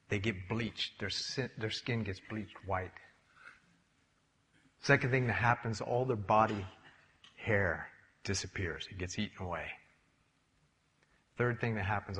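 An older man preaching a sermon, telling stories in a lively way and acting out the characters. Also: fairly low pitch. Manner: animated storytelling, acts out voices. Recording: long hall reverb.

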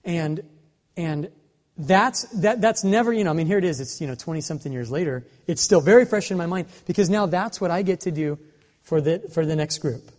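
A man in his forties preaching a sermon, telling a story in an animated, humorous way. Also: on the high side, brisk. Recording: long reverb of a large hall.

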